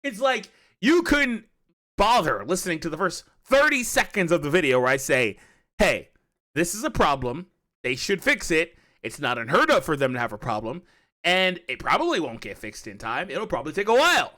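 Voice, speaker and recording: A man giving animated opinion commentary on a mobile game, arguing his point with many repeats and asides. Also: fairly high pitch, moderate pace. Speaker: gaming youtuber.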